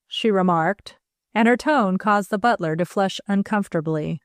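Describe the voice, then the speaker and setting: A woman reads scripted audiobook narration in a steady, measured way. Her voice is mid-range, and the studio sound is clean with no room sound.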